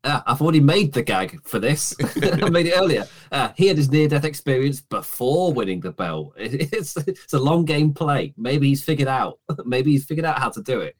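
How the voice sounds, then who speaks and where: Guy, animated up-and-down delivery, excitable wrestling-nerd podcast co-host. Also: mid-range voice, moderate pace, few pauses. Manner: enthusiastic, laughs often, self-described wrestling nerd. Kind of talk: casual fan chat.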